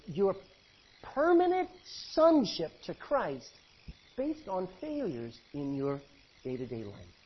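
A man's voice: high-pitched, slightly rough. A man preaching a sermon in a folksy, conversational way, with personal stories and asides. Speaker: pastor. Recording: dull lo-fi recording.

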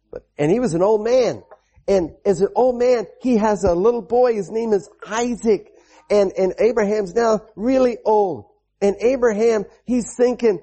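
A man preaching a children's sermon, telling a Bible story in an animated way, repeating lines and calling out amens. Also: sits high, normal speed. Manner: animated, repetitive, with call-and-response amens.

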